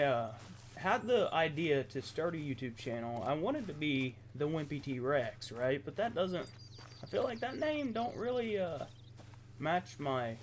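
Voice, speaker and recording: A young man from southeastern Ohio with an Appalachian accent, chatting casually over gameplay, halting and full of ums. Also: mid-range voice, slight background noise. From southeastern Ohio, USA. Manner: rambling, halting, lots of ums and self-corrections. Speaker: gaming YouTuber.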